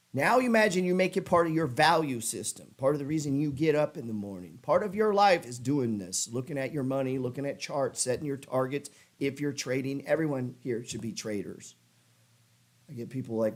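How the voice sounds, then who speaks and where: A middle-aged man hosts a trading show, delivering a profane motivational rant. His voice runs on the high side and is expressive at a normal speed, growing fired-up and pushy as he swears freely and works himself up.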